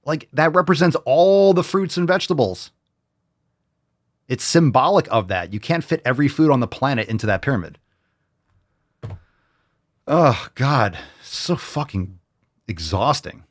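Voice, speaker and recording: A man's voice: mid-range voice, expressive, measured pace, pauses often, no room sound, clean studio sound. A man hosting a fitness talk show, ranting crudely and heatedly with sarcastic mimicry. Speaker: host. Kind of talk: profane ranting commentary.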